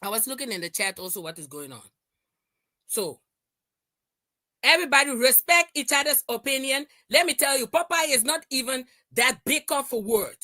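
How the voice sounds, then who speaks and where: A woman on a heated livestream, her voice high and bright, swinging widely in pitch as she confronts and repeats herself. The sound is dry and close. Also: animated, moderate pace, dry recording. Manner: confrontational, repeats lines, shouts at times. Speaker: livestream host.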